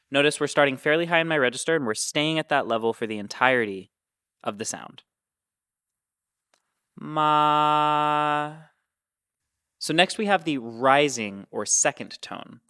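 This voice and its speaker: A man's voice: mid-range voice, sharp tone. A man teaching Mandarin tones, explaining patiently and demonstrating each sound. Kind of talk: explaining with spoken examples.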